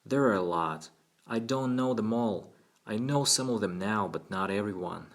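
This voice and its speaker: Man voicing a scared eight-year-old boy, timid and halting, on a deep voice. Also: lightly acted.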